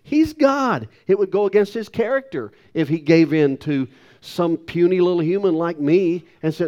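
Lively preacher man in his sixties. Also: moderate pace, dull audio. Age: 60s. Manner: emphatic preaching with wide pitch swings, self-deprecating asides. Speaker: pastor. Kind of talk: sermon.

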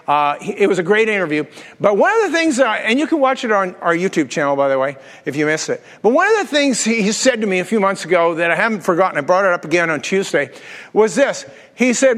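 Guy pastor preaching, kinda high voice, jokey and animated, big echoey church hall. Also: quick pace. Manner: animated preaching with jokes and rhetorical questions. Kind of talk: sermon.

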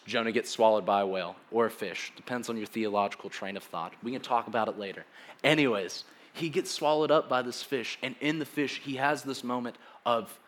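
A man's voice: mid-range voice, a bit bright. A young man preaching a sermon in a casual, joking way, acting out the people in the story as he goes. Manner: casual, joking, acts out quoted dialogue.

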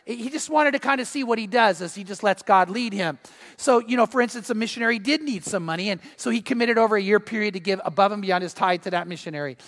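A man's voice: sits high, quick pace. A middle-aged man preaching a sermon as pastor, telling stories and acting out the people in them. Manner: animated storytelling preacher, acts out quotes. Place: church sanctuary. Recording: long reverb of a church hall.

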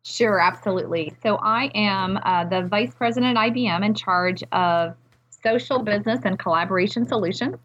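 A woman's voice: mid-range voice, normal speed, a bit bright, highs cut off. A woman executive being interviewed on a podcast, upbeat and fluent in a corporate speaking manner. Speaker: technology executive guest.

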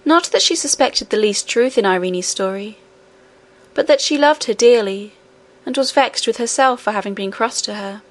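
Woman narrator, children's classic, calm, measured, fairly high voice. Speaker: audiobook narrator. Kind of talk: scripted narration of a children's novel.

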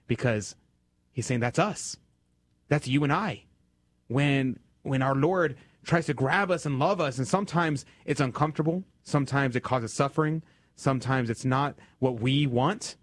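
Relaxed male radio host, dry sound. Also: medium pitch, moderate pace, no echo. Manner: conversational, restarts and reads poetry aloud. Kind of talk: casual chat about faith and poetry. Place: radio studio.

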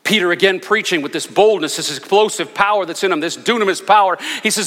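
A male senior pastor preaching a sermon with passion, swinging between loud, fervent declarations and hushed asides. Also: high voice, fast, hardly any pauses, big-room sound. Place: church sanctuary.

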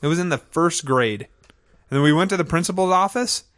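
A man's voice: a little high, fairly quick, no room sound, studio quality. A man co-hosting a podcast, chatting casually and acting out lines with laughs. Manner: animated, acts out characters' lines with laughs. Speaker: podcast co-host. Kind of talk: casual chat recapping a TV episode.

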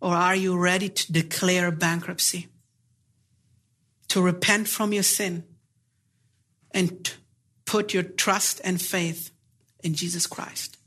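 A man preaching a sermon, earnest and deliberate, pressing his listeners with pleading rhetorical questions. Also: high voice, little pitch movement, pushed and bright.

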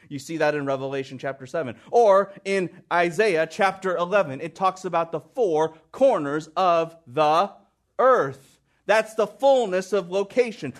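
A man preaching a sermon, stressing key points by repeating phrases. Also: high voice.

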